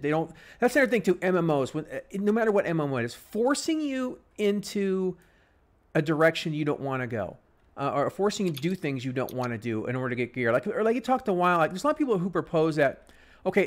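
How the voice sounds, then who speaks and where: A man hosting a casual gaming chat while he plays, rambling and full of restarts and animated complaints. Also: mid-range voice. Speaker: gaming podcast host.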